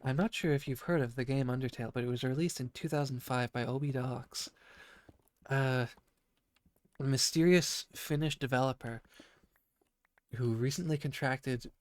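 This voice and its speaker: Croaky sick man rambling, dry sound. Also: mid-range voice, normal speed, long pauses, no echo. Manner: rambling, profane, self-interrupting. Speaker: podcast host. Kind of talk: rambling casual monologue.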